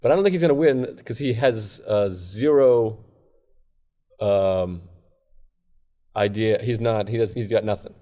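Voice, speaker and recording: A man's voice: fairly low pitch, measured pace, long pauses, warm tone. A man who is a comedian, talking as a guest on a podcast in a casual, rambling, self-deprecating way. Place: comedy club.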